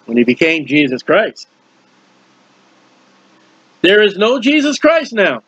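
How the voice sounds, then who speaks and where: A man preaching a verse-by-verse Bible teaching, animated and questioning his listeners. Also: high voice, slow, breathy edge, no room sound. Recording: dull lo-fi dry recording.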